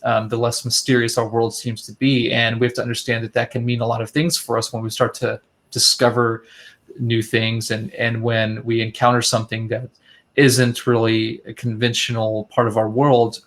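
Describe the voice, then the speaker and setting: A man giving measured, earnest interview answers as a guest investigator, with fillers and restarts. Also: mid-range voice, completely flat delivery, fairly bright tone.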